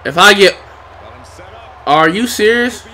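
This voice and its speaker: Man, gamer, frustrated, swearing, slow talk, bright voice. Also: sits high, expressive, a little hiss or hum. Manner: talks to himself and the screen. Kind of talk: casual gameplay commentary.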